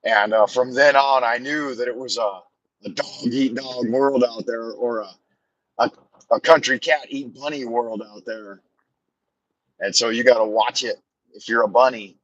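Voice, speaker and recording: A man's voice: medium pitch, steady tone, unhurried, a bit bright, no room sound, lo-fi sound. A man rambling and telling stories on a live stream from his car while driving, with a meandering, self-deprecating, joking manner. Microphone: phone on a camera mount.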